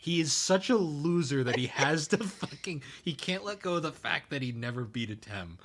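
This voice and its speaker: A man's voice: a little high, lively intonation, moderate pace, a bit bright. Laid-back man chatting on a podcast. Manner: rambling, laughs often, swears casually. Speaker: podcast co-host. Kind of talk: casual chat.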